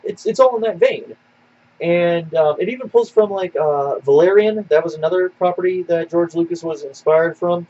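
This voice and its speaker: A man co-hosting a casual podcast, answering viewer questions in a rambling, animated way with many fillers and restarts. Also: sits high, normal speed, muffled recording. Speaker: podcast co-host.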